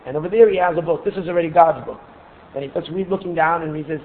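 A man giving a religious lesson full of stories, pausing and repeating words as he searches for his phrasing. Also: on the high side. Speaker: religious teacher. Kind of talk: Torah lesson with storytelling. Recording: tinny phone-like recording, faint hiss.

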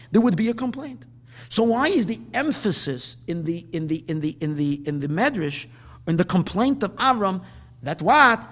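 A man with a notably high voice teaches a Talmudic lecture. He explains point by point and lingers over the Hebrew quotes. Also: very animated, moderate pace, fairly bright tone. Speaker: Torah teacher.

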